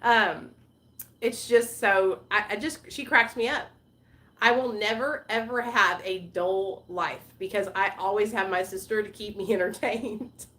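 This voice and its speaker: A woman's voice: mid-range voice, unhurried, a bit bright. A woman in her forties hosting a casual livestream chat, talking candidly and rambling, swearing freely. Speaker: channel host.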